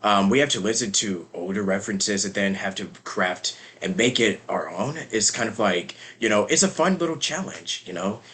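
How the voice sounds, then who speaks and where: A man hosting an interview, a voice actor himself, relaxed and agreeable, his sentences trailing off softly. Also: on the low side, moderate pace, few pauses. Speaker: podcast host, voice actor. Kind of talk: casual interview chat.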